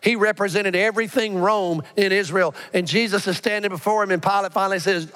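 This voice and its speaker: Pastor, man, high voice, animated storytelling sermon, long sanctuary reverb. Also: a little fast, clean tone.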